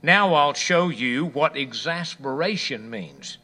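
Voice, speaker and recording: Patient, even-tempered father, voiced by a male preacher; slow and gentle. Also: a little high, faint music behind, voice pushed down, full character voice. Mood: calm. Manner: calm, gentle, deliberate. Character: calm, patient father teaching his daughter.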